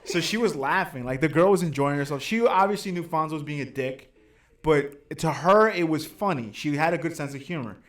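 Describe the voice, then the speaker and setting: Male podcast host, New York accent, lively retelling, fairly high-pitched. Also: a little fast. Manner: animated, acts out quoted voices, contradicts and corrects. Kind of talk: casual storytelling chat.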